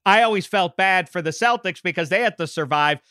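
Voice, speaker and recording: A man's voice: high voice, a little fast, bright, forceful tone, smooth, no echo, studio quality. A man with a Pittsburgh accent, co-hosting a podcast, talking about sports in a rambling, self-interrupting, playful way. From Pittsburgh area. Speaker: podcast co-host. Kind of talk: casual sports chat. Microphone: video call.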